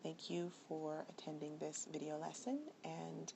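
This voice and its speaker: A woman teaching Spanish in a recorded video lesson, dictating words carefully and deliberately. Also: low-pitched, flat delivery, vocal fry, warm tone, slight background noise.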